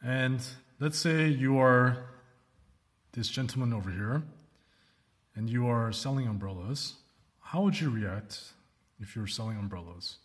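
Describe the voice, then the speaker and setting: Mid-pitched male English teacher in a reverberant room, clear patient lesson delivery with drawn-out model phrases. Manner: slows down to model example sentences, checks with "right?" and "okay?". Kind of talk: recorded classroom lesson.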